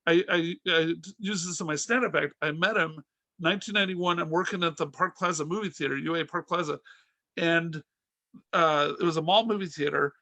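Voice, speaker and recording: A middle-aged man with a high, bright voice tells comic stories as a podcast host, rambling with restarts and acting out the people he quotes. The sound is close and dry, with no room around it. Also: brisk, no echo. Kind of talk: casual comic storytelling.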